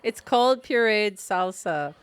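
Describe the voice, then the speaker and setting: A woman co-hosting a casual TV talk podcast, chatty and quick to laugh. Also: mid-range voice, animated, clean tone, dry recording. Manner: giggly, chatty, laughs often. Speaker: podcast co-host. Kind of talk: casual chat.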